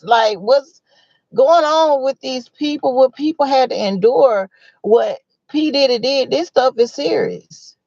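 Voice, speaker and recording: A livestream host in casual commentary, animated and exclamatory, laughing often while retelling what others said. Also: sits high, measured pace, dry recording, highs cut off.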